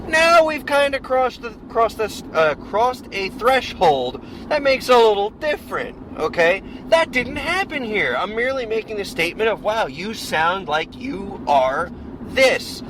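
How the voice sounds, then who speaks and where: A man's voice: sits high, sing-song, a little slow, poor audio. A man co-hosting a podcast, talking casually and emphatically in a car, rambling through his opinions. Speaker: podcast co-host. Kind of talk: casual chat. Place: inside a car on the road. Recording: loud road noise in a car.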